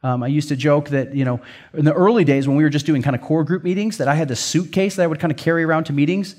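A man's voice: fairly high pitch, fast talker, darkish tone. A middle-aged man with an Upper Midwest American accent, preaching a sermon as pastor in an earnest, conversational way, often saying "like" and "right?".

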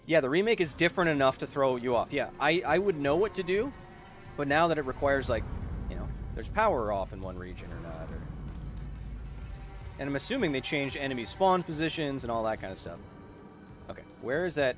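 A man in the middle of a game stream, talking at an average pitch with excitable bursts and plenty of stammered restarts. Stream music plays underneath while he chats to his viewers. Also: a little fast. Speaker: gaming streamer. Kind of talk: casual gameplay commentary. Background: stream music and game sounds.

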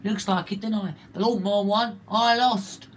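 A man's voice: steady tone, normal speed, a little hiss or hum. Upbeat man with a cold. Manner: upbeat and showy, with big jumps between bright greetings and low asides. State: has a cold, stuffy nose and sore throat. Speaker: vlogger and show host. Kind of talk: casual weekly vlog.

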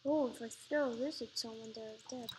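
A woman's voice: fairly high pitch, steady tone, moderate pace, background noise. A woman giving playful, chatty commentary while playing a video game, talking to herself as she goes. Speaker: gaming channel host. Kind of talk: casual gameplay commentary.

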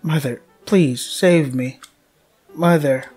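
A meek, hungry orphan girl with a raised, gentle voice, as a man reading the game puts her on. She pleads softly over quiet game music. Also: on the high side, slow, slightly rough. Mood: meek pleading. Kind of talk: voicing a visual novel character.

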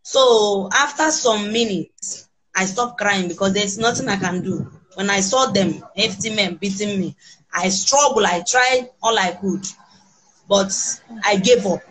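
A Nigerian woman with children recounts her ordeal in halting, restarting sentences. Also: mid-range voice, a bit bright, breathy edge, low-quality recording. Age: adult with children. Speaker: kidnapping survivor interviewed.

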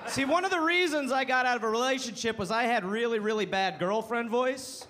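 A man doing a brash, animated stand-up comedy set on a comedy club stage with a handheld mic. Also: very high voice, brisk. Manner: brash, animated comic delivery. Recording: live club with loud crowd. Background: audience laughter.

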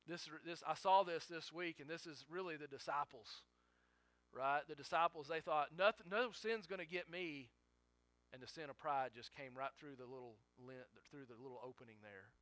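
A man's voice: on the high side, a bit bright, no room sound. A male pastor preaching a sermon in an earnest way, acting out the quotes he reads and often correcting himself mid-sentence.

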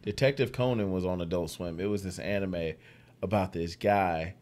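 A man co-hosting a podcast in casual chat, laughing often and talking in an animated, profane way. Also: sits low, normal speed. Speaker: podcast co-host.

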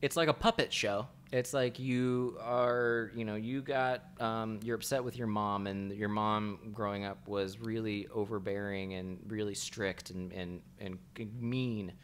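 A man's voice: fairly low pitch, steady tone, measured pace, few pauses, a little hiss or hum. A man co-hosting a podcast in casual chat, rambling and searching for words with lots of fillers. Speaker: podcast co-host.

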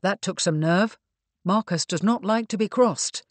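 A woman voicing a composed, evasive gentleman who speaks smoothly and blandly. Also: mid-range voice, unhurried, no room sound, lightly acted. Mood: calm. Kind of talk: audiobook character reading.

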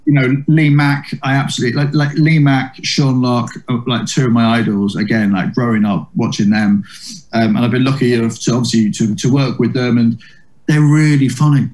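A man's voice: mid-range voice, steady tone, fairly quick, a little mellow. Rambling man telling comedy-circuit stories. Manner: rambling, many restarts and "like"s. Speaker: comedian, guest. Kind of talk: casual interview anecdotes.

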